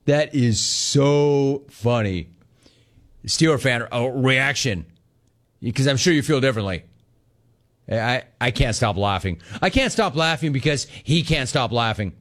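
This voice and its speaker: A man's voice: medium pitch, expressive, moderate pace, fairly bright tone. A man hosting a sports talk show, reacting to callers and news in a sarcastic, mocking way and laughing often.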